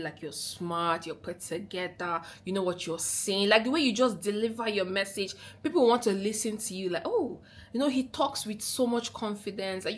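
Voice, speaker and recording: A woman giving relationship advice in a fast, animated, casual talk to camera. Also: mid-range voice. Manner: fast, animated talker who rushes her words.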